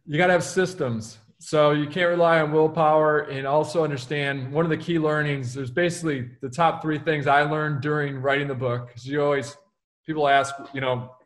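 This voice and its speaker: A man, an author and keynote speaker, answering interview questions in an energetic, emphatic way, often acting out quoted dialogue. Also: on the high side, moderate pace.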